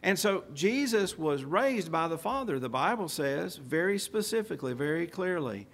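Emphatic preacher man, higher voice. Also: big pitch swings, moderate pace. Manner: reads and quotes scripture, emphatic rises on key points. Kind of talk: sermon.

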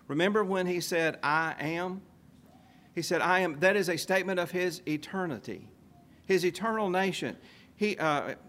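A man preaching a sermon in a fairly high voice. He quotes scripture at length and presses his key points with emphatic rises. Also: fairly bright tone.

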